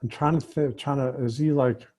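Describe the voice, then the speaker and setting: A man's voice: mid-range voice, fairly even intonation, normal speed, mellow. A man hosting a casual political chat, joking and loose, with mild swearing. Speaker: host.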